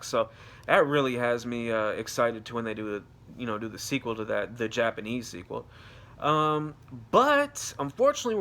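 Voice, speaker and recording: A man's voice: medium pitch, a bit bright. A young man giving a casual, rambling movie review, swearing freely and trailing off into fillers. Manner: rambling, profane, loose and unscripted.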